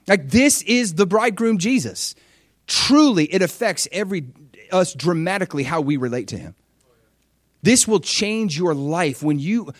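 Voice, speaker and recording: A man preaching a sermon in an animated way, acting out dialogue with sudden high-pitched exclamations. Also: dry recording, studio quality.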